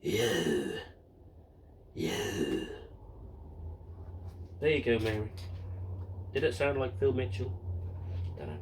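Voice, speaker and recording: A man's voice: medium pitch, fairly even intonation, normal speed, long pauses, distant mic, noisy background. A man in his fifties hosting a casual Q and A, reading out viewer questions in a jokey, self-mocking way with many ums and restarts. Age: 50s. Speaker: model railway channel host.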